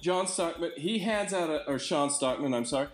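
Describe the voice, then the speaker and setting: A man's voice: fairly high pitch, moderate pace. A middle-aged man co-hosting a podcast, telling stories in casual chat and laughing often. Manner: animated storyteller, laughs often. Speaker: podcast co-host. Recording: roomy echo, faint background noise.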